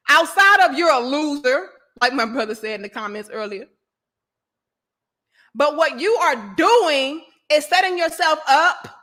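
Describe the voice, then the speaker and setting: Woman host, thirties, high voice, blunt live-stream commentary with a preachy, emphatic delivery. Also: pushed and bright. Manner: preachy and emphatic, addresses viewers directly as sis and brothers. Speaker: host of a live online talk show.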